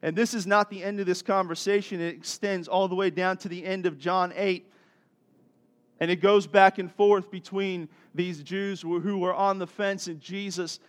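A male pastor delivering a sermon in a bright, high-pitched voice. He preaches like he is chatting with the congregation, telling lively stories and laughing often. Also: normal speed. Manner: animated storytelling preacher, acting out voices.

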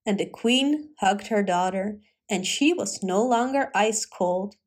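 A woman reading a fairy tale aloud in a gentle, expressive storytelling manner. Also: medium pitch, slow.

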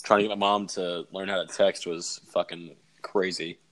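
A man's voice: sits low, little pitch movement, moderate pace, fairly bright tone. A young man hosting a casual podcast, laid-back and chatty, swearing and using lots of filler words. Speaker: podcast host. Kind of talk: casual chat.

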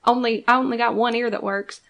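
A woman co-hosting a podcast in casual chat, blunt and deadpan in manner. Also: a little high, a little fast, vocal fry. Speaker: podcast co-host.

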